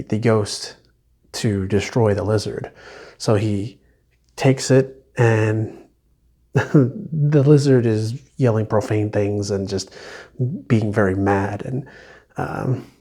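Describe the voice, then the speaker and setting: A man talks through a book he enjoyed in a casual video review. His delivery is slow and halting, with many restarts and little laughs, and his voice is mellow and mid-pitched.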